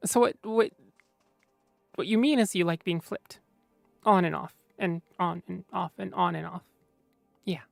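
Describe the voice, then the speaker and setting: A woman's voice: on the low side, a little slow, gravelly, long pauses, no echo, faint music behind. A woman streamer chatting casually with her viewers, playful and teasing. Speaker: streamer reading chat. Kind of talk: casual livestream chat.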